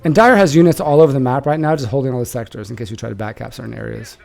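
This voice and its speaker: A young man shoutcasting a strategy game he played in, casual and animated, swearing and laughing. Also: mid-range voice, racing, gravelly, background noise.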